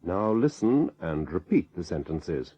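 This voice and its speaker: A man with a husky voice announcing units and exercises as a course narrator. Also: sits low, big pitch swings, warm tone, highs cut off. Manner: measured, announcing. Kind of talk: scripted instructions.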